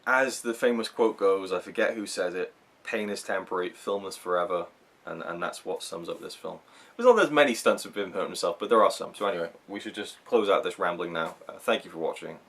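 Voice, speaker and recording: A man's voice: sits low, fairly quick, creaky, a bit bright. A man co-hosting a film review, chatting casually and enthusiastically, rambling with many restarts. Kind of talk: casual chat.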